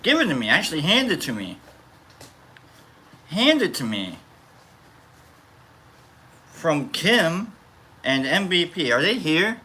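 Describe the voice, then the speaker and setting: A man casually chatting on a livestream as its host, rambling and playful, quick to get excited. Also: fairly high pitch.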